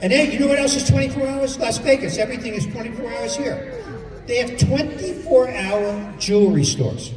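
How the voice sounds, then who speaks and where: High-voiced man doing stand-up in a hall. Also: expressive. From New York. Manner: exasperated, acts out people in quick bits. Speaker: stand-up comedian. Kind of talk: stand-up comedy set. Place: stage in a large hall with a live audience. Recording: distant, echoey hall with crowd laughter.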